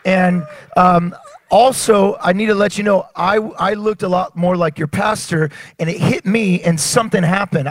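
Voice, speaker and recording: A man preaching a sermon, animated, often stammering and restarting, sometimes rising to shouts. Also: high voice, slightly rough, dry recording. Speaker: pastor.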